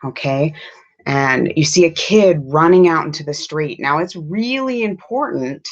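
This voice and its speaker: A woman teaching an English lesson to learners, explaining slowly and patiently, with frequent ums. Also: sits low, animated, highs cut off. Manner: slow, patient, with many ums. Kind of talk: classroom lesson.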